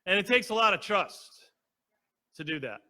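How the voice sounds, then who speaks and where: Bright, high-voiced man preaching conversationally. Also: animated, normal speed. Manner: storytelling, acts out quoted voices, asks the congregation. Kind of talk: conversational sermon. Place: church sanctuary.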